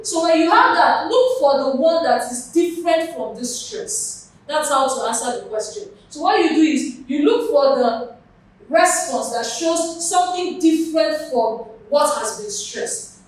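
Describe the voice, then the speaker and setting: A woman with a Nigerian accent teaching English for an exam, explaining patiently with examples. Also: high voice. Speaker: English tutor. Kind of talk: exam prep lesson. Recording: very echoey room, mic far off.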